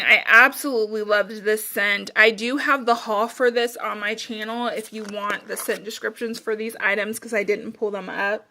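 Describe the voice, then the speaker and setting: A woman's voice: fairly high pitch, pushed and bright, slight background noise. A woman casually chatting through her candle reviews, rambling with plenty of fillers and sounding a little out of breath. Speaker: candle and wax melt reviewer. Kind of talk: casual chat.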